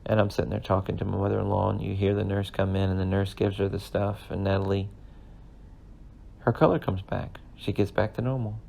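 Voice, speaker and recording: A man's voice: deep voice, level tone, fairly quick, vocal fry, dark tone, slight background noise. A man in his thirties, a podcast host, telling an earnest, rambling personal story in a casual way. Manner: rambling, earnest, emotional at times.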